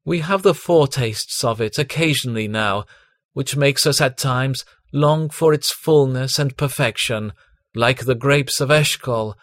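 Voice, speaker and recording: A man reading a devotional sermon aloud in a solemn, measured way, with long pauses between phrases. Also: mid-range voice, a bit bright, dry recording. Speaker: devotional reader.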